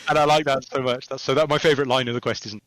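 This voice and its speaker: Speaking very fast in a mid-range voice, this male game developer is a guest on a podcast. His talk is chatty and full of animated stories, broken up by frequent laughter.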